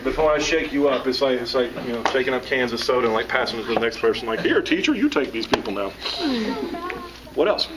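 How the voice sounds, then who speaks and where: Speaking fast in a medium pitch, this author and teacher from the American South jokes and spins stories for a live crowd, which is audible in the background. He is an animated storyteller, captured by a distant microphone with the audience around him.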